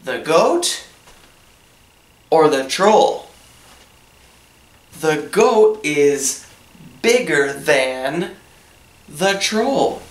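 A man's voice: fairly high pitch, very animated, drawn-out words, long pauses. A man teaching an English lesson, asking simple questions about a story and then answering each one in plain words. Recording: echoey room, voice from a distance.

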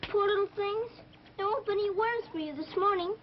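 A woman's voice: extremely high pitch, brisk, a little hiss or hum. A young girl speaking politely and earnestly in a 1930s film. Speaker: little girl lead in a film. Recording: dull old film soundtrack.

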